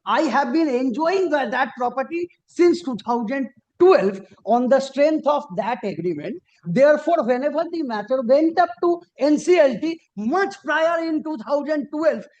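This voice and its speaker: In a courtroom, a man argues formally before a judge as an advocate, deferential and halting, with frequent restarts and emphatic rises on key points, repeatedly addressing the bench. His voice is extremely high-pitched, expressive and a little mellow, and the recording has its highs cut off.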